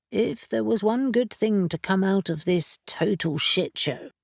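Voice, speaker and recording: A woman narrating an audiobook in a measured storytelling manner. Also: fairly low pitch, a little mellow, no echo, clean studio sound. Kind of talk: scripted narration.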